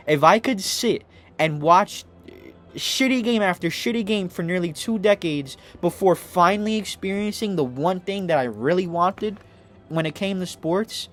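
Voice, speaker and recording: A young man rants to camera as a sports podcast host, fired up and emotional, near tears. His voice sits fairly high for a man, and he keeps tripping over restarts and swearing. Faint music plays behind him. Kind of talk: impassioned fan rant to camera.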